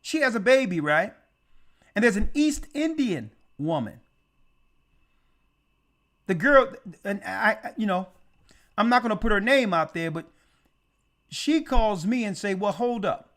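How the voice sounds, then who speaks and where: A man takes on the role of a church elder sharing a testimony, lively and conversational, repeating words to stress them. His voice is high-pitched and unhurried, with frequent pauses.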